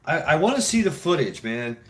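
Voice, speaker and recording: A man's voice: fairly high pitch, sing-song, brisk. Man, casual talk, rambling, profane, chuckling, frequent restarts. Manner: mimics others in mock voices. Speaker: show host. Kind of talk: casual chat.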